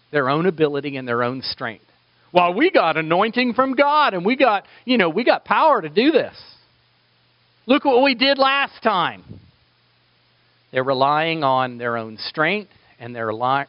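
A male pastor preaching a sermon, swinging from loud, high pleading prayers down to hushed near-whispers. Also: no room sound, muffled recording.

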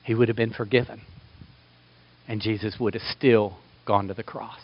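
A man's voice: on the low side, steady tone, moderate pace, pauses often, muffled recording. A man preaching a sermon with passion, building to emphatic peaks. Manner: impassioned, rising to emphatic peaks.

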